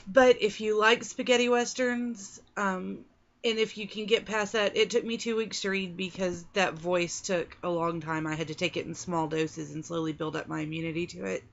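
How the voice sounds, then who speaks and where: A woman's voice: lowish voice, steady tone, moderate pace, vocal fry. A young woman casually reviewing books on her vlog, talking in a chatty, rambling way with fillers and restarts. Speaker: book reviewer. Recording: dull lo-fi sound.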